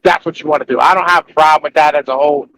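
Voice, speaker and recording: A man's voice: fairly high pitch, fairly even intonation, rapid-fire, crowd noise, low-quality recording. A man in crude, rambling casual political chat, often sounding incredulous.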